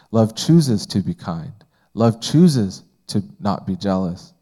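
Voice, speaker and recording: A man's voice: lowish voice, animated, a little slow, dark tone. A man teaching a Bible study in a conversational way, asking the group questions and often using fillers.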